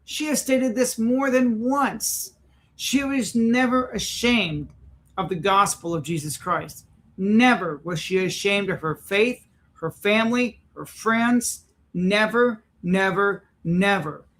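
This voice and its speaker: A high-pitched man gives reaction commentary on a clip. He is indignant and sarcastic, with a preaching edge to how he talks. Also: takes it slowly, a bit bright.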